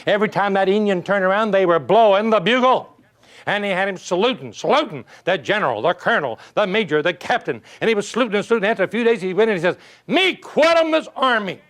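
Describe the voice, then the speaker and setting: A man's voice: sits high, lively intonation, quick pace, fairly bright tone. A man giving a folksy motivational speech, full of rhetorical questions and stories. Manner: emphatic, rhetorical questions, storytelling. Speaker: motivational speaker.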